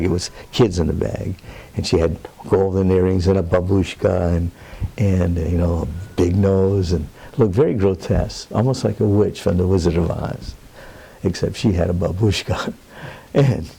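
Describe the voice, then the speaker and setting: An older man who advocates for the Roma shares a personal story in an interview, speaking earnestly and plainly while wandering into asides. His voice is deep, gravelly, mellow, and husky.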